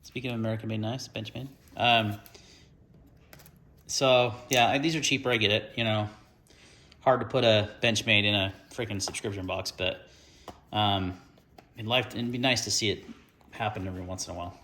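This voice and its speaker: A man's voice: on the low side, fairly even intonation, normal speed, long pauses, fairly bright tone, a little hiss or hum. A man hosting an unboxing video, talking casually and ranting in frustration about the gear.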